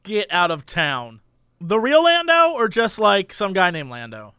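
A young man co-hosting a casual podcast, playful and quick to react with jokey asides. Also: high-pitched, huge pitch swings, sharp tone, smooth, no room sound, studio quality. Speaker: podcast co-host. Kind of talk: casual chat.

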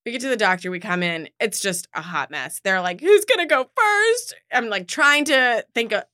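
A woman's voice: mid-range voice, normal speed. A woman co-hosting a podcast, telling a family story in casual chat and acting out the people in it. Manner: animated storyteller, acts out voices. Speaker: podcast co-host.

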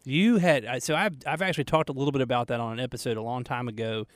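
An upbeat male co-host talks from a radio studio and chuckles often. His voice sits at a middle pitch, and the sound is close and dry. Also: fast, dry recording. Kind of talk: casual radio chat.

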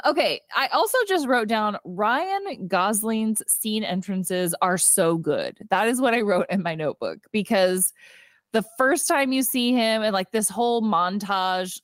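A woman co-hosting a casual movie recap chat, giggly and animated as she retells scenes. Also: medium pitch, no echo, clean studio sound. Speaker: podcast co-host.

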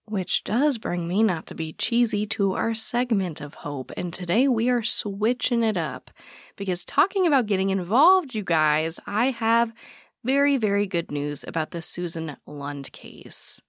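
A woman's voice: mid-range voice, expressive, unhurried, dry recording. Gushing young woman podcast host, dry sound. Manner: warm and gushing with listeners. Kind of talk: casual podcast talk.

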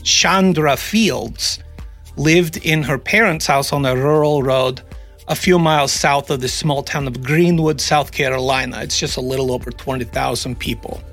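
A man's voice: medium pitch, moderate pace, a bit bright, soft background music. A man hosting a podcast, chatting casually and narrating a true-crime story with sarcastic asides. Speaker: podcast host.

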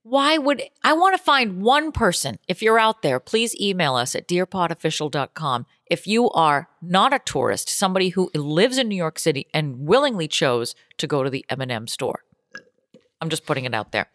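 A woman co-hosting a podcast, chatting casually with animated, exaggerated reactions. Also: lowish voice, normal speed, no echo, clean studio sound. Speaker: podcast co-host. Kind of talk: casual chat.

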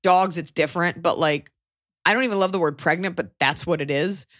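A woman co-hosting an advice podcast, blunt and wry, given to quick rants. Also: on the low side, a bit bright. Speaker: podcast co-host. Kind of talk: casual advice podcast chat.

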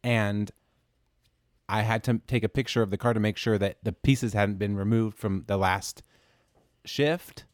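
A man's voice: lowish voice, steady tone, measured pace, no room sound, studio quality, natural voice. A man playing an indignant employee and then a lawyer in an improv comedy scene, protesting and objecting.

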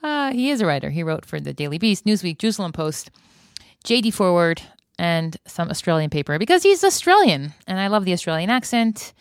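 A woman hosting a podcast in a casual monologue, chatty and opinionated, laughing between her points. Her voice is smooth and clear, and the recording is dry and close, with no room sound. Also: on the low side, very animated, brisk, dry recording. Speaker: podcast host. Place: Israel.

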